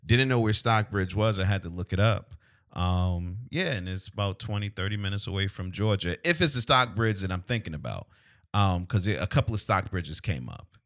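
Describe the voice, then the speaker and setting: A man co-hosting a casual podcast, bantering playfully and now and then stretching his words out. His voice has a bright, forward edge. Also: low-pitched, animated, normal speed. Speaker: podcast co-host.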